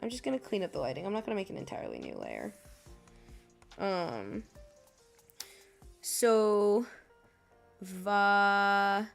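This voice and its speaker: A woman's voice: on the low side, wildly swooping pitch, brisk, gravelly, long pauses, darkish tone, faint music behind. A woman streaming her art, chatting casually and muttering exasperated asides to herself, swearing and laughing as she goes. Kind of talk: casual chat while drawing.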